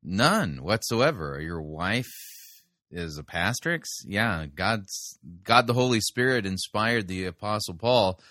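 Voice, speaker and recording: A man's voice: on the low side, slow, bright, forceful tone, dry recording. A man hosting a sermon review, adding dry, sarcastic commentary between clips.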